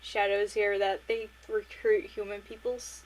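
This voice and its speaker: A woman's voice: mid-range voice, level tone, measured pace, low-quality recording. A woman co-hosting a casual book club podcast, laid-back, with short reactions and mild swearing. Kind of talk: casual chat.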